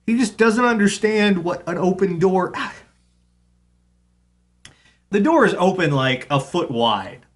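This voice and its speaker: A man's voice: high voice, animated, takes it slowly, long pauses. A man hosting a live radio show, chatting casually and now and then cooing to his cat. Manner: chatty, talks to his cat in a soft baby voice.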